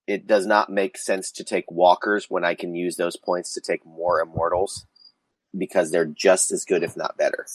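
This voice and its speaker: A man's voice: deep voice, flat delivery, normal speed, slightly rough, no echo, poor audio. A man hosting a casual wargaming podcast, talking in a sarcastic, facetious way. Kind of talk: casual tabletop wargame chat.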